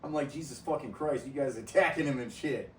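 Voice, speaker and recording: A man's voice: medium pitch, fairly quick, slight background noise. A man hosting a casual podcast, telling crude stories among friends and laughing often. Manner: profane, laughing storyteller. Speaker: podcast host. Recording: roomy sound from a distant mic.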